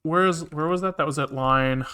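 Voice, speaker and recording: A man's voice: fairly high pitch, moderate pace, bright, forceful tone, clear, resonant tone. A man live-streaming his programming, thinking aloud and muttering to himself with casual swearing, keyboard clicks behind him. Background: keyboard typing and clicking.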